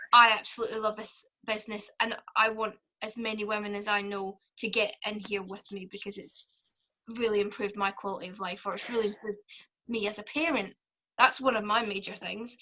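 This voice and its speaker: A woman on a group video call, giving quick, persuasive advice to her team. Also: mid-range voice, sharp tone, poor audio.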